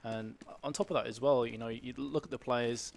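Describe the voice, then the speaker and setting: A male esports caster rattling off play-by-play at high speed. He grows excited as the action builds. Gunfire from the game sits clearly beneath his voice. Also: brisk, slight background noise. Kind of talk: fast live game commentary.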